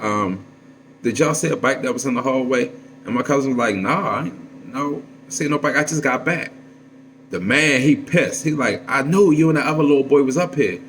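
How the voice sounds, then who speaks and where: A young man casually telling a story from his youth, animated and full of slang, jumping up in pitch when he quotes people. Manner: profane street slang.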